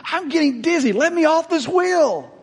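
A man's voice: very high-pitched, expressive, moderate pace, vocal fry, pitched above the performer's own voice, heavily acted. A man voicing a clay teacup that whines and protests while it is shaped. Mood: complaining. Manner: whiny, protesting, shouting at times. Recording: echoey hall reverb.

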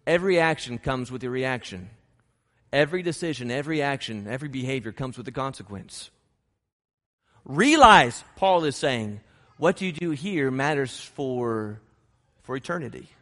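A man's voice: medium pitch, normal speed. A man preaching a sermon to his congregation, emphatic and repeating his key phrases. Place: church sanctuary. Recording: long reverb of a large hall.

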